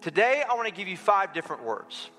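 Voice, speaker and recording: A man's voice: high voice, sing-song, fast talker, sharp tone. A man preaching as a pastor, leading his congregation in call and response and then in prayer, emphatic and repetitive. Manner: emphatic, repetitive, leads the congregation in repeating phrases. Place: church sanctuary. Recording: long church reverb, faint music.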